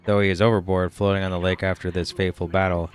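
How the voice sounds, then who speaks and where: A man's voice: low-pitched, level tone, fast talker, close to an everyday voice. A man voicing a stern, obsessed sea captain who gives grand, commanding speeches. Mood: grandiose.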